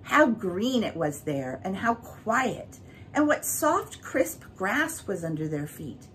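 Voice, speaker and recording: A woman reading a children's book aloud, with an expressive, varied delivery. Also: mid-range voice, slow, slight background noise, low-quality recording. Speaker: storyteller.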